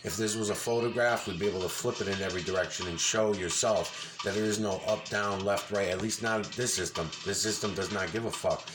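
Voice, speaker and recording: Angry, profane, low-voiced man. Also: steady tone, a little fast, few pauses, background noise. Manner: insistent, repeats himself. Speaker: video commentator. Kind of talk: casual commentary over a video.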